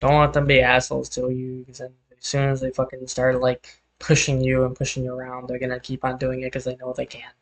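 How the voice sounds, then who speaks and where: A man's voice: mid-range voice, monotone, brisk, few pauses, low-quality recording. A young man streaming a game, chatting casually and rambling as he vents, swearing freely. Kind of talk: casual chat while gaming.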